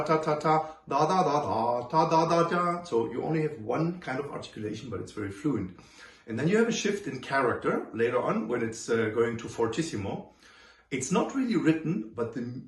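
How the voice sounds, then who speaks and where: Male trumpet professor, mid-pitched, scats rhythms mid-lesson; roomy echo. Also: big pitch swings, brisk. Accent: German. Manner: sings rhythms in syllables while explaining. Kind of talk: demonstrating instruction to students. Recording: roomy echoey room.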